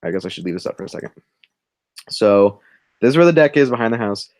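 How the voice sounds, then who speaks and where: A man's voice: lowish voice, lively intonation, fast, a little mellow, no room sound. A young man co-hosting a livestream, telling a rambling story while he draws, often cutting himself off and laughing. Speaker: livestream co-host drawing. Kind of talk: casual storytelling.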